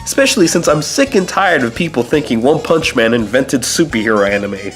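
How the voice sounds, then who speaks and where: A man's voice: medium pitch, sing-song, brisk, fairly bright tone. Man with a sick voice, channel update. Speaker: channel host. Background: faint background music.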